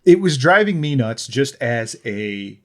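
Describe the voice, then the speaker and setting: A man's voice: mid-range voice, big pitch swings, unhurried, fairly bright tone. A man from the American Midwest co-hosting a podcast, talking through a movie in a wry, opinionated way while thinking aloud. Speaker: podcast co-host. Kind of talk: casual film-review chat.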